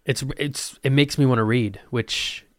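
Young dude rambling to his viewers, swears a lot, jokey, mid-pitched voice, dry close mic. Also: steady tone, no room sound. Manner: loose, profane, joking, puts on quick voices. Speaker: vlogger. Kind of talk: casual chat to camera.

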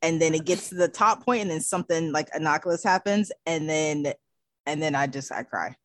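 A woman's voice: low voice, normal speed, dry recording, clean studio sound. A woman in casual group chat, talking dramatically and laughing often. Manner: animated, laughing, dramatic swings in voice.

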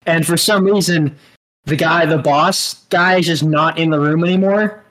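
A man co-hosting a casual podcast, telling a long story in a halting, rambling way and laughing as he goes. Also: a little high, steady tone, a bit bright, rough recording. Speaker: podcast co-host. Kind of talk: casual chat.

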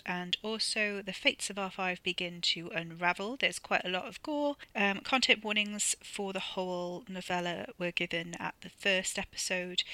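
A woman reading her own novella aloud in a measured, even way. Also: on the low side, no room sound. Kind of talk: audiobook narration.

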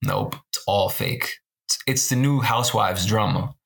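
A man co-hosting a casual podcast chat, telling stories in an animated, slangy way and laughing often. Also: fairly low pitch, measured pace, vocal fry. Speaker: podcast co-host.

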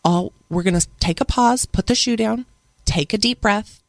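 A woman's voice: medium pitch, normal speed, gravelly, dry recording. A woman speaking as a podcast guest, earnestly retelling moments with her children as a single mother. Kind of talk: personal storytelling in a podcast interview.

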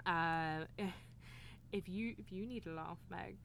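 A woman's voice: lowish voice, slow, gravelly, fairly bright tone, slight background noise. A British woman co-hosting a podcast, chatting casually, giggly and swearing freely. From England. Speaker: podcast co-host. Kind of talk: casual chat.

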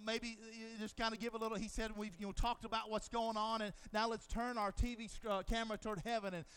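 Preacher, male, very high voice, bright and forceful, dramatic sermon delivery. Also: clean tone. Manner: swings from near-whispers to shouted peaks; dramatizes scenes with quoted dialogue.

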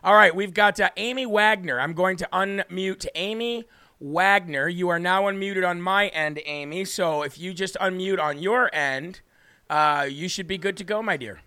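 A man hosting a call-in show, chatting casually and warmly with callers and signing off with blessings. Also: high-pitched, moderate pace, clear, resonant tone, dry recording, studio quality. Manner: folksy, affectionate, religious sign-offs. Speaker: show host taking callers.

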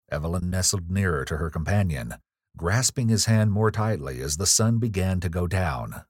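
Deep, husky male storyteller. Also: lively intonation, moderate pace, dry recording, studio quality. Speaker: audiobook narrator. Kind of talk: scripted narration.

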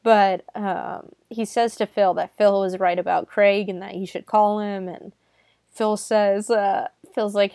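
A woman recaps a film in a loose, chatty way, peppering her talk with filler words and casual swearing. Her voice sits at a middle pitch. The sound is close and dry, with no room around it. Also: steady tone, unhurried, a little mellow, no echo. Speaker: film reviewer.

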